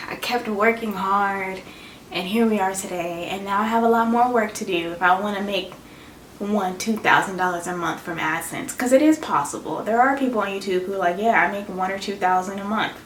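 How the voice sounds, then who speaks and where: A woman speaking in a casual, encouraging vlog, earnest and chatty with plenty of fillers. Her voice sits a little back from the mic in a roomy space. A faint hiss runs underneath. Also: mid-range voice. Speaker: YouTuber. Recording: roomy, slightly distant with faint noise.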